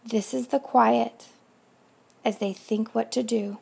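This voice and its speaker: A woman volunteer reading a rhyming picture book aloud, slow, rhythmic and expressive. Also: fairly high pitch, creaky, slightly rough. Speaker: volunteer reader.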